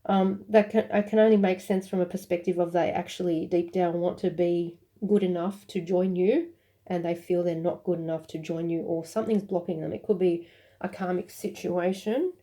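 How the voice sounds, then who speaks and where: Woman tarot reader, casual and emotional, low mellow voice. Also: fairly even intonation, moderate pace. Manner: intuitive, rambling, with fillers and self-corrections; emphatic and emotional at moments. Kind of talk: casual tarot reading to camera.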